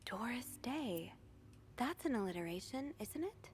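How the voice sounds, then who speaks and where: An actress voicing a calm female game narrator who gives soft, partly whispered hints. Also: fairly high pitch, measured pace, a little hiss or hum. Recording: game audio with faint music.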